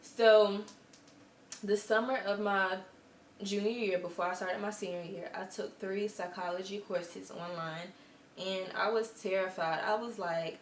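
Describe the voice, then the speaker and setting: A woman's voice: medium pitch, steady tone, unhurried. Chatty young woman in an echoey room. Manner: chatty and earnest, with quoted asides. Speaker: vlogger. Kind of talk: casual storytelling to camera. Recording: echoey room with faint background hum.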